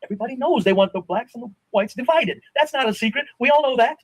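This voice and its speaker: Middle-aged man, high voice, rapid talk, blunt and insistent, dry close sound. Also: animated, no echo, poor audio. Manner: blunt, insistent, swears, drops to a low grumble. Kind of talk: heated live stream debate.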